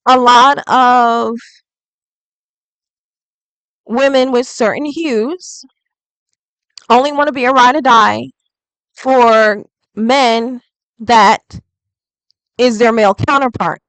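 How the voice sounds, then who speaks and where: A woman's voice: a little high, steady tone, slow, pauses often, fairly bright tone, no echo, poor audio. A woman doing a casual tarot reading vlog, chatty and rambling, full of "like". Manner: chatty and rambling, heavy use of "like". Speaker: tarot reader.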